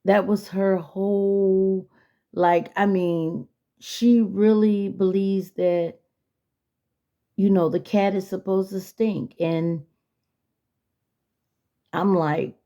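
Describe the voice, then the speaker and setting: A woman's voice: medium pitch, fairly even intonation, drawn-out words, long pauses, warm tone, dull audio. A woman vlogger talking casually to her viewers, sassy and direct, who keeps checking in with "okay?". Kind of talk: casual chat to camera.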